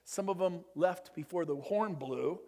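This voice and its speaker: Animated man preaching motivation. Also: a little slow. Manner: animated, preachy, jumps between loud bursts and low asides. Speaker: motivational speaker. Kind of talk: motivational seminar talk. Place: conference room.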